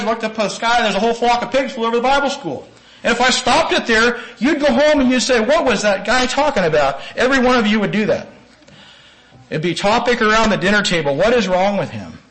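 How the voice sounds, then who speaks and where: A man preaching a sermon-style lecture, earnest and emphatic, with sudden rises in pitch and volume and some slowed, stressed phrases. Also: a bit bright, rough recording.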